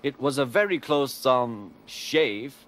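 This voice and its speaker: A man voicing a stern but kind male railway boss who speaks in a measured, authoritative way in a storybook reading. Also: medium pitch, animated, a bit bright. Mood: firm kind.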